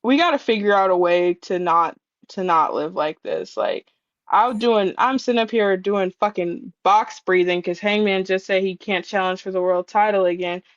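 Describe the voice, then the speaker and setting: A woman's voice: medium pitch, normal speed, dry recording, lo-fi sound. A woman co-hosting a podcast, talking casually in a blunt, wry and profane way. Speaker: podcast co-host. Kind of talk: casual wrestling chat.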